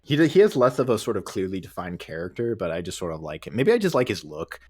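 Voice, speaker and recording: A man's voice: deep voice, quick pace. A man co-hosting a podcast, talking casually and wryly about a movie and laughing often. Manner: wry, animated, laughs often. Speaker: podcast co-host. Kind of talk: casual film discussion.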